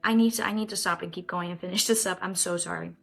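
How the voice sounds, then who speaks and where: A woman's voice: on the low side, fairly even intonation, fast, vocal fry, a bit bright, soft background music. A woman hosting a casual storytime video, reading a post aloud and breaking in with indignant, joking comments to her viewers. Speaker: storytime host.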